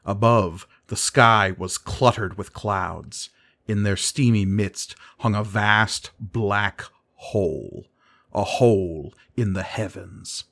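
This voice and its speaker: A man reading a fantasy novel aloud, his voice on the low side. The reading is measured and dramatic, letting each image land. It is scripted audiobook narration. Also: gravelly, fairly bright tone.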